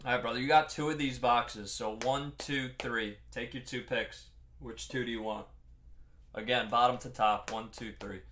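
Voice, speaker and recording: A man's voice: mid-range voice, fairly even intonation, normal speed, fairly bright tone, a little hiss or hum. A young man with a Long Island accent hosting a live card-break stream, chatting casually with viewers by name while opening packs. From Long Island, New York.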